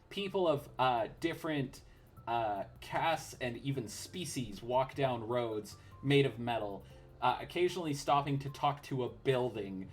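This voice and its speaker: A man narrating a tabletop role-playing game as game master, relaxed and full of fillers. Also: mid-range voice.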